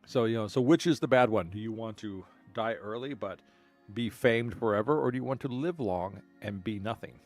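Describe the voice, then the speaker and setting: A man's voice: on the low side, normal speed, soft background music. A man streaming a game, telling a long story casually, with frequent restarts and stammered repeats. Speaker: gaming streamer.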